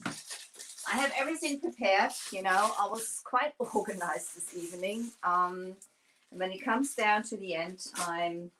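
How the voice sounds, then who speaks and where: A woman's voice: mid-range voice, a little slow, bright, forceful tone, slight background noise, rough recording. A woman hosting a livestream, chatting casually and rambling with many fillers while she paints furniture.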